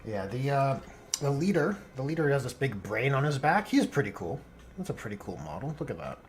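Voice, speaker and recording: A man hosting a relaxed live stream, painting miniatures and chatting with viewers in a dry, joking way. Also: medium pitch, a little fast. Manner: laid-back, dry joking, reads chat aloud.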